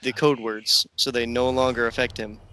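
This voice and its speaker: A man's voice: medium pitch, little pitch movement, normal speed, sharp tone. A man co-hosting a podcast who agrees often, jumps in, and corrects episode details in casual chat. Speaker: podcast co-host. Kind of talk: casual chat recapping a TV show.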